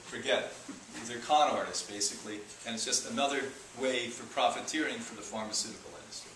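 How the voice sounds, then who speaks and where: Male health lecturer, animated and wry, caught from a distance in a reverberant room. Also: mid-range voice, fast talker, noisy background. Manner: animated, joking, mocking asides. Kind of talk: live lecture to an audience. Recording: echoey room, speaker far from mic.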